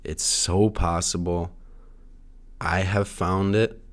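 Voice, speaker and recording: A man's voice: low voice, little pitch movement, slow. A young man talking alone in a casual, rambling monologue, full of restarts and fillers and the odd swear word. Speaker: solo podcaster. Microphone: no camera, audio only.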